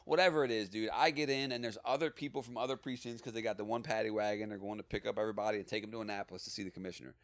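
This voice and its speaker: Male podcast storyteller: swears a lot, says "bro", animated, recorded dry and close. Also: on the low side, racing, hardly any pauses, dry recording. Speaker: podcast co-host or guest. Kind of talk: casual comedic podcast chat.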